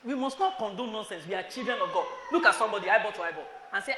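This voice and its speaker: A man's voice: high-pitched, expressive, rapid-fire, hardly any pauses, background noise. A man with a Nigerian accent preaching a sermon to students. He scolds them with rhetorical questions and calls on listeners by name. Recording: echoey hall.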